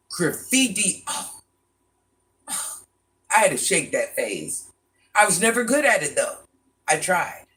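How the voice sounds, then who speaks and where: An older woman with a deep, gravelly voice, chatting bluntly with her live-stream viewers from a room in her home and calling them baby and hon. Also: a bit bright. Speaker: vlogger reading live chat. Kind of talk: casual live-stream chat.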